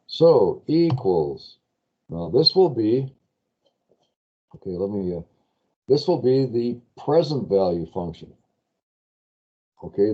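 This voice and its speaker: A lowish-voiced man teaches a class on lease finance using a spreadsheet, chatting freely, fixing his own slips quickly, and quizzing the students. The recording's high frequencies are cut off.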